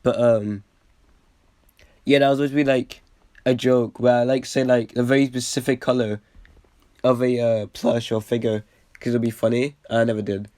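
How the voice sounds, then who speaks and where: A young man casually rambling over an old video, packed with "like" fillers and the odd swear, getting excited and then trailing off. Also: medium pitch, moderate pace, pauses often, no echo. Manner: excitable bursts, trails off with a quiet "yeah". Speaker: reaction video host.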